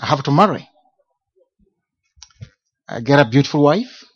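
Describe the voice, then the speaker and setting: Delivering his personal testimony as a sermon, a men's ministry minister hammers home key words through repetition and asks rhetorical questions with emphasis. He sounds a little high and slightly rough, with lively intonation and a somewhat slow pace, on a dull lo-fi recording.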